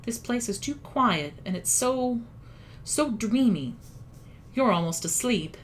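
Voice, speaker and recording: A woman voicing a curious, sensible young girl in a storybook reading, gently earnest and a little dreamy. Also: on the high side, animated, takes it slowly, a little hiss or hum, voice pushed up. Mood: urging.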